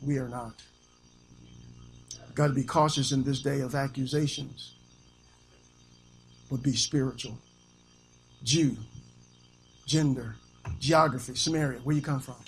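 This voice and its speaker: A man's voice: mid-range voice, fairly even intonation, unhurried, long pauses, a little hiss or hum. A man from Illinois, a pastor preaching a sermon with scripture quotes and calls of amen, teasing his congregation now and then. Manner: preaching with call-and-response amens, quoting scripture.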